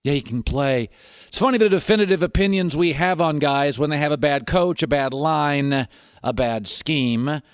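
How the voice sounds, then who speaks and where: Emphatic sports radio host, dry studio sound. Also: male voice, fairly high pitch, normal speed, smooth, dry recording. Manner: emphatic, argumentative, sarcastic asides. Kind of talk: opinionated sports talk. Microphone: studio microphone.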